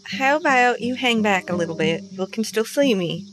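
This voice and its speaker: A young woman playing a tabletop role-play game, giggly and playful, turning soft and soothing when she speaks in character. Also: fairly high pitch, animated, normal speed, noisy background.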